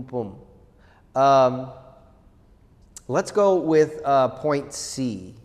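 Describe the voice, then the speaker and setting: A man preaching a conversational sermon as pastor, asking questions and acting out quotes in a casual way. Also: medium pitch. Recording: long hall reverb.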